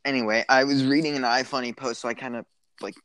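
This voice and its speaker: A man's voice: medium pitch, fairly even intonation, fast, a bit bright, dry recording. A man in casual chat, throwing in goofy, blunt, slangy remarks. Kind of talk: casual chat, joking interjections.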